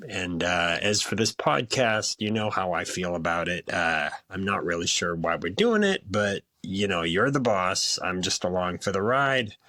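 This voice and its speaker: Guy doing a low slow drawly voice as his own inner self phoning in, pitch rolls up and down. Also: animated, sharp tone, no echo, full character voice. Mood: wry. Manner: slow hesitant drawl with sighs and pauses.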